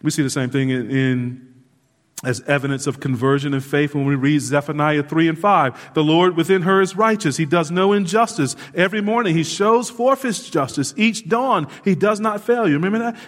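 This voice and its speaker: Lively preaching man in a reverberant hall. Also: fairly high pitch, normal speed. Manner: lively preaching with casual asides and laughter. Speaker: pastor. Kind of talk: sermon.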